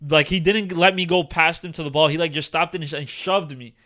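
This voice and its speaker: A young man in his twenties chats loosely on a podcast, stacking fillers and curses as he tells stories. His voice sits high and sounds bright and forceful. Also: fairly even intonation, brisk. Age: 20s. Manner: rambling, profane, filler-heavy storytelling. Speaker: podcast co-host. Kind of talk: casual chat.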